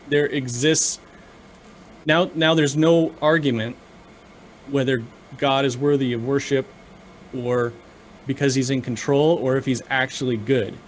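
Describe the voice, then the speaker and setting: Earnest man, halting speech. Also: mid-range voice, slight background noise. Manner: earnest, halting with many restarts. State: choked up with emotion. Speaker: podcast co-host. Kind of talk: casual theological discussion.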